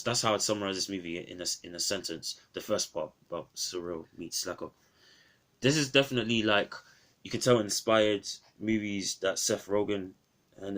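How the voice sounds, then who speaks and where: A man's voice: deep voice, fairly bright tone. A man reviewing an old film in a casual, rambling vlog, often restarting his phrases.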